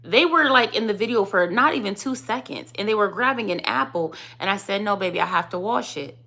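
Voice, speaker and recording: A woman with a hoarse voice, chatting casually to camera as a vlogger and mom of three, telling a story with lively emphasis. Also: medium pitch, brisk. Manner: chatty, animated storytelling, addresses viewers as y'all. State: hoarse, voice going out.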